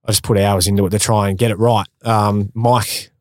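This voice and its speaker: Candid Australian man, low dry voice. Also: steady tone, moderate pace, a little mellow, no room sound. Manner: candid storytelling, self-mocking, slangy. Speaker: guest, former pro footballer. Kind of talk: casual podcast interview.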